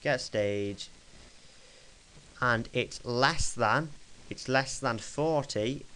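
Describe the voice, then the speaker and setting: Young man, smooth clear voice, casual software walkthrough, rambling and chatty, desk mic. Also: medium pitch, drawn-out words, rough recording. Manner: chatty, rambling, self-correcting as he clicks. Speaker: tutorial maker. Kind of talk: casual screen-recorded software tutorial.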